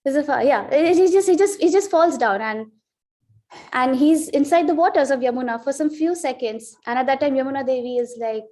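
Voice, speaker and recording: A woman's voice: sits high, fairly quick, warm tone. A woman giving a devotional scripture class in a temple, telling a sacred story with heartfelt, emotional quoted voices. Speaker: class speaker.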